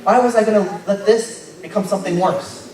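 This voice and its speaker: A young man giving a casual, joking sermon as a lay preacher, tagging his points with quick asides. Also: high-pitched, fairly even intonation, darkish tone. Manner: informal and joking, tags lines with "right?". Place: church hall. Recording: very echoey church hall, mic far off. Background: congregation noise.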